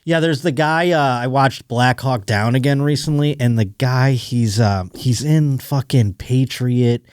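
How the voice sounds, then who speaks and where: A man hosting a podcast, talking in loose, rambling casual chat full of swearing and quick laughs. His voice sits at an ordinary middle pitch, and the sound is dry and close, with no room around it. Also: a little mellow, clear, resonant tone, no echo. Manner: rambling, profane, laughs often. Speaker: podcast host.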